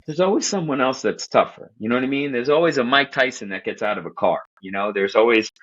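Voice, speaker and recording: A man from Queens, New York, telling stories as a podcast guest in animated, casual talk, swearing and acting out what people said. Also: medium pitch, quick pace, highs cut off. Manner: animated, profane, acts out quoted voices. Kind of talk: casual storytelling chat.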